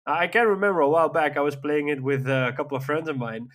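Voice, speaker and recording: A man's voice: on the high side, quick pace, fairly bright tone. A man in casual chat as a podcast co-host, talking in a rambling, enthusiastic way with frequent fillers.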